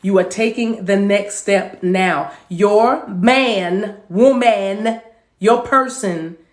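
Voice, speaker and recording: A woman giving a live tarot reading to her viewers. She talks in a chatty way, repeats phrases, and now and then slips into speaking in tongues. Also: mid-range voice. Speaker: tarot card reader. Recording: echoey room.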